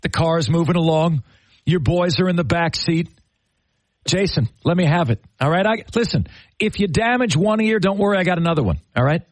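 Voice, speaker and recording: High-voiced, upbeat male radio host. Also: no echo. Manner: energetic, enthusiastic, quick to laugh. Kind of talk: call-in radio show.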